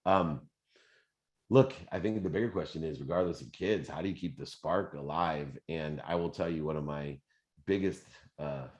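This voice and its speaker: A man in his fifties hosting a live motivational Q&A, talking in an animated, conversational way with plenty of fillers. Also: extremely low pitch, dull audio. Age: 50s. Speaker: host.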